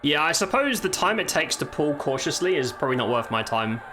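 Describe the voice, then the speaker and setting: Bright and forceful, the streamer's fairly high voice is very animated and runs a little fast. He curses and calls out to his audience during live play, with game music faintly audible beneath him.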